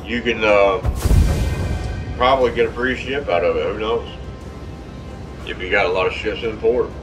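A man giving excitable, profane, trash-talking commentary over his own gameplay. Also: on the low side, normal speed, far from the mic, lo-fi sound, over music.

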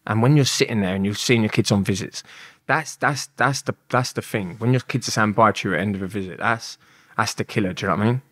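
London man, lowish voice, young adult, rambling swearing storyteller, casual interview. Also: fast talker, a bit bright. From England. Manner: swearing, rambling, laughs through his story. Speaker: guest.

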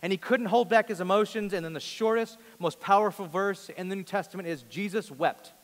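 A man in his thirties preaching a sermon in a large church, earnest, rising to loud emphasis and dropping to a hush. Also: high voice, fairly quick, in a large hall. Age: 30s. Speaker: pastor.

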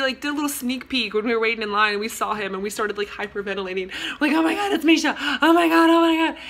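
Bright-voiced gushing young woman vlogger. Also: medium pitch. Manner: gushing, excitable, lots of "like" and "oh my god". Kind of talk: casual storytime vlog.

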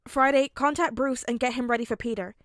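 A woman voicing a stern, worried man who is a teenager's father figure, in a fan audiobook reading, commanding and gruff. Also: on the high side, fairly even intonation, a little fast, fairly bright tone, no room sound, studio quality, lightly acted. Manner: commanding, then gruffly tender.

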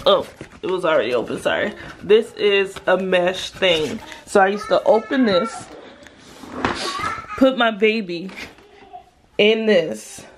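A woman's voice: mid-range voice, a little hiss or hum. A young woman vlogging casually as a mom, chatting and explaining hands-on as she demonstrates a stroller at home. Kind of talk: casual demo vlog.

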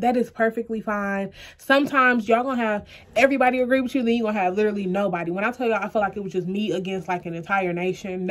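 A young woman speaking earnestly into her camera, her fairly high voice close to tears as she talks directly to her viewers. She leans on faith and keeps herself pushing forward. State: close to tears, eyes puffy. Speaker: vlogger. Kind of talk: emotional personal vlog to camera.

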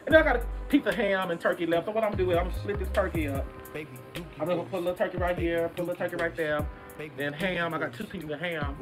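A man casually explaining, step by step, how he builds a dish. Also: fairly high pitch. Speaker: home cook. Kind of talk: casual cooking demonstration. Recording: music playing over the clip.

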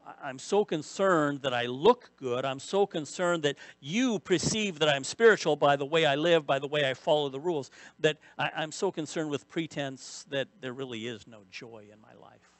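A man's voice: mid-range voice, no room sound. A man preaching a sermon as pastor, bursting into emphasis and repeating key phrases. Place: church sanctuary.

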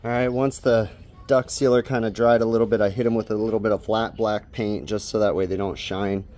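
Low-voiced man narrating a DIY vlog. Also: a little fast, soft background music. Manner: relaxed, explanatory, many fillers like um and uh. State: out of breath. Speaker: HVAC technician and channel host.

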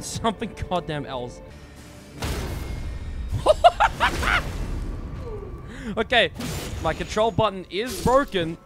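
A man commentating his own gameplay live, swearing and talking back to the game. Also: on the high side. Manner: profane, excitable, swears at the game. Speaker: streamer.

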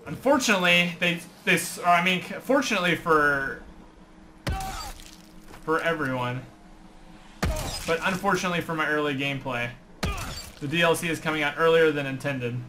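A young man giving excitable live commentary on gameplay and chatting with viewers. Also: on the high side, moderate pace, long pauses, noisy background. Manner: excitable, chatty, reads viewer messages aloud. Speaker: gaming streamer.

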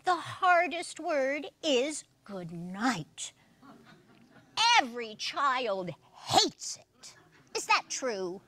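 A woman's voice: high voice, sing-song, extremely slow, sharp tone, exaggerated voice. A woman voicing a giant, clumsy, eager purple bird in an earnest, exclaiming storybook reading. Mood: excited.

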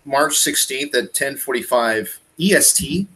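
Mid-pitched male host, playful and joking. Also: animated, a little slow, bright, forceful tone, a little hiss or hum, low-quality recording. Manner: joking, teasing banter. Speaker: podcast host. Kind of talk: casual chat.

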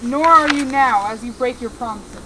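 A woman's voice: high-pitched, normal speed, background noise, lightly acted. A woman playing a hurt, indignant young witch who accuses her friends. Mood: accusing.

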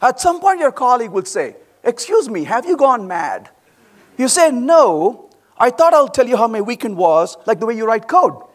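A middle-aged man giving a conference talk, animated and playful, acting out quoted voices with quick asides to the audience. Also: very high voice. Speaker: conference speaker. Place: large conference hall.

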